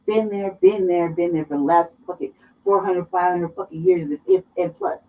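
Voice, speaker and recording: A woman's voice: medium pitch, very animated, normal speed, vocal fry, darkish tone. A woman from Colorado co-hosting a casual political talk show, blunt and emphatic, swearing heavily as she makes her points. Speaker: co-host. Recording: dull, somewhat distant mic.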